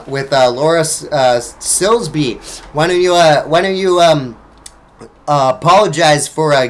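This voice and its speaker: A man's voice: on the high side, a bit bright. Angry profane talk radio man. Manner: angry, profane, sarcastic ranting with frequent fillers. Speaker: radio show host. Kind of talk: ranting political talk show.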